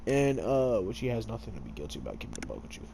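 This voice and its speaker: A man's voice: fairly low pitch, wildly swooping pitch, rapid-fire, vocal fry, dark tone, a little hiss or hum. A man casually retelling a story while playing a game, full of fillers, often tripping over names and correcting himself. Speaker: gamer retelling a fan story.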